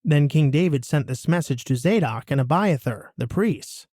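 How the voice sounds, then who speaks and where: A man reading a Bible passage aloud in a steady, expressive way. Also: a little high, moderate pace, no room sound, clean studio sound. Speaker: scripture reader.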